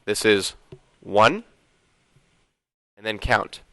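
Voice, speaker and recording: A man's voice: on the low side, extremely slow, bright, forceful tone, no room sound, rough recording. A man teaching a casual video math lesson, thinking aloud and sometimes trailing off into mutters.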